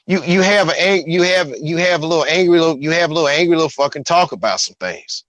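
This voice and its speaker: Speaking quickly in a fairly high, bright, animated voice, a man tells a personal story in casual conversation. He rambles, restarts, repeats himself, and quotes what others said, and there's no echo.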